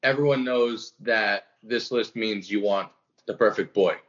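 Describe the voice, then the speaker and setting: A man's voice: lowish voice, unhurried, fairly bright tone. A man co-hosting a casual comedy podcast, teasing his friend with dry quips and short reactions. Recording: slightly dull lo-fi audio.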